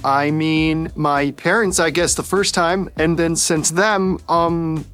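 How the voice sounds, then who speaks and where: A woman's voice: deep voice, fairly even intonation, slow, voice pushed down. A woman voicing a nervous, apologetic young man who stammers, over faint music.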